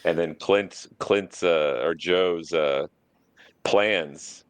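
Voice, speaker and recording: A man co-hosting a podcast, calmly explaining plot points in casual chat. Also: deep voice, drawn-out words, clear, resonant tone, no echo. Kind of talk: casual movie discussion.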